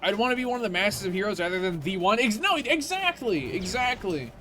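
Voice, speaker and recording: Profane, high-voiced gaming streamer. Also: male voice, fast, pushed and bright. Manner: ranting, profane, offhand. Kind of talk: casual gaming commentary.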